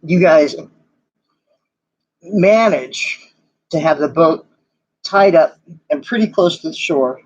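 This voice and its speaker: A man's voice: on the high side, slow pace, pauses often. A man narrating as game master in a casual, rambling way with many fillers. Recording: dull lo-fi recording.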